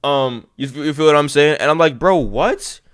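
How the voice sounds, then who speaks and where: A man's voice: on the high side, moderate pace, a bit bright. A young man streaming to his chat, telling a long story in a rambling, slang-heavy way and repeating "you see what I'm saying.".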